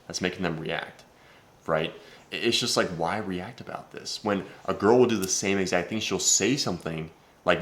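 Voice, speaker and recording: Brash young man with a low voice. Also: a bit bright. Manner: brash, swearing, storytelling to the viewers. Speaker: dating coach. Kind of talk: casual vlog monologue.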